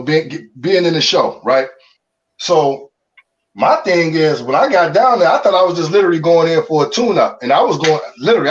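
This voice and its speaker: A man's voice: a little high, far from the mic, dull audio. A middle-aged man from Chicago, a former pro ballplayer, telling his story in an interview with loose slangy talk and frequent restarts. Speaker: former pro baseball player, guest.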